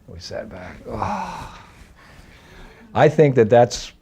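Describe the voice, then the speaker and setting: Husky and mellow, with a fairly low pitch and moderate pace, an older man recounts personal devotional memories. He tells them in a reflective, memoir-like storytelling manner, occasionally laughing.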